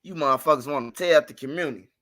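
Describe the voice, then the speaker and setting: Rapid-fire and fairly bright, the voice belongs to a man with a fairly high pitch and a Chicago accent. He's the commentary host of a street news channel, using his casual livestream to mock his critics with heavy repetition and trash talk.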